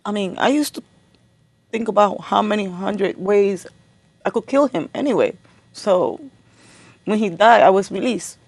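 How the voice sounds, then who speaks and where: Her voice mid-range, a middle-aged woman shares a personal story as an interview guest, stopping and repeating herself while she remembers. There's no room sound on the recording.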